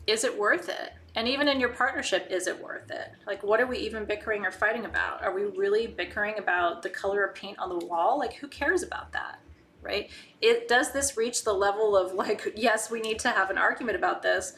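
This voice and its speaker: A woman's voice: medium pitch, expressive, brisk, pushed and bright, a little hiss or hum. A woman hosting a live online spiritual session, talking casually and candidly with her viewers. She asks rhetorical questions and often adds a "right?". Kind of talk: casual live-stream teaching, reading viewer comments.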